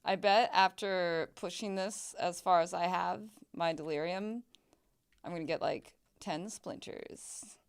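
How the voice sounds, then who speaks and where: A woman's voice: on the low side, measured pace, clean tone. A young woman streaming a game, chatting casually, swearing and laughing as she plays. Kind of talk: casual gameplay chat.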